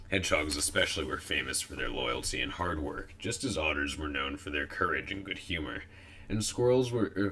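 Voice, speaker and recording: A man reading a storybook aloud in a steady narrating voice. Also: a bass voice. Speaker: audiobook reader.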